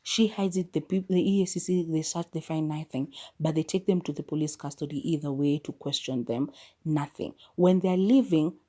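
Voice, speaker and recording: A woman hosting a podcast, telling a movie's plot in a loose, chatty way with quick side comments and self-corrections. Her voice sits low and sounds mellow and relaxed rather than bright. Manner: chatty retelling with quick asides and restarts. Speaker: podcast host. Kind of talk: casual movie recap.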